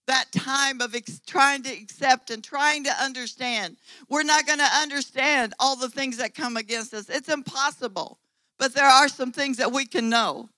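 A man preaching a sermon to his congregation, fervent and exhorting, swinging between loud urgent passages and quiet, low stretches. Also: dry recording, poor audio. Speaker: pastor.

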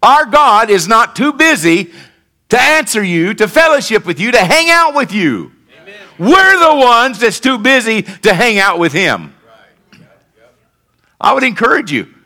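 A man's voice: extremely high pitch, sing-song, measured pace, sharp tone. A man preaching a sermon as pastor, in a conversational style that rises to emphatic declarations, speaking in a church.

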